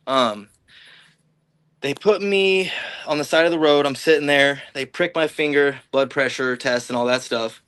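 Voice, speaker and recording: A man's voice: mid-range voice, unhurried, a bit bright, clean tone, no echo. A man from the Illinois-Iowa border telling a long personal story in casual, rambling, profane talk, acting out what people said. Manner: rambling, profane, acts out quoted dialogue. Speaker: podcast guest.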